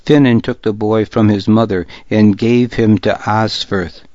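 A man reading a first-person audiobook in a measured, grave manner, close to the mic in a dull, lo-fi recording. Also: lowish voice, steady tone, mellow, dry recording. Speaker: audiobook narrator. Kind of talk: first-person scripted narration.

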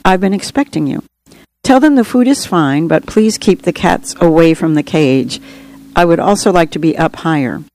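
A woman reading aloud, voicing a wise little white dove who speaks calmly and matter-of-factly. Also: fairly low pitch, moderate pace, poor audio. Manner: calm, matter-of-fact.

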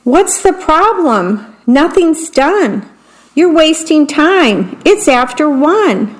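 A bossy storybook mother barks chores at her family in a raised, higher voice, as a woman reading aloud puts her on. She is impatient and keeps everyone moving. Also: very animated, takes it slowly, heavily acted, rough recording.

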